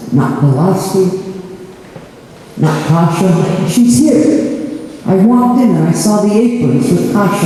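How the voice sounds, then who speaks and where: A woman official giving a heartfelt ceremonial speech in a large indoor hall, slow and pausing often. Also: fairly low pitch, warm tone. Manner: slow, heartfelt, with long pauses. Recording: echoey hall, faint background noise.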